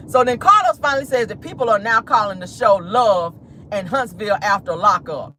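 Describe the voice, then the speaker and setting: A woman hosting a casual celebrity gossip vlog, sassy and animated, laughing and talking straight to her viewers. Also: medium pitch, fairly quick, slight background noise. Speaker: host.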